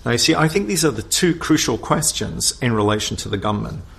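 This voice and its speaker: A man speaking as an expert in a documentary interview, measured and analytical, thinking his points through aloud. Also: medium pitch, expressive, gravelly, a bit bright.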